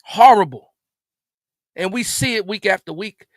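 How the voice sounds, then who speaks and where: A man hosts a live stream with an exasperated, animated rant, his fairly high voice jumping suddenly louder as he repeats his points. He talks close into the mic in a dry room with no echo. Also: moderate pace. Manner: exasperated, repeats himself, sudden loud jumps. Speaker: live stream host reacting to a game. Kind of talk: animated post-game rant.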